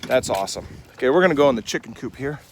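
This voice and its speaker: A man's voice: mid-range voice, lively intonation, rapid-fire, slight background noise. A man giving a casual devotional vlog while doing farm chores outdoors, rambling and talking fondly to his animals. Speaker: Christian vlogger. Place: outdoors on a rainy farm and in a chicken coop. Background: chickens clucking nearby.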